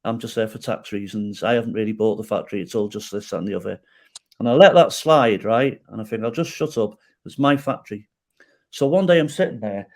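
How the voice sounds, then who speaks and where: A man's voice: lowish voice, fairly quick. A middle-aged man telling a personal story as a podcast guest, acting out the quoted dialogue and checking in with the listener as he goes. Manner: animated storyteller who acts out quoted dialogue and tags lines with "right?".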